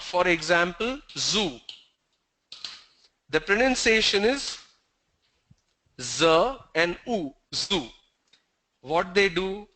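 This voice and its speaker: A man with a high, bright voice teaches pronunciation over a video call. He goes slowly and deliberately through word lists, sounding out each word with care, and tells the class stories along the way. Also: rough recording. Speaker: pronunciation trainer. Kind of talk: online pronunciation lesson.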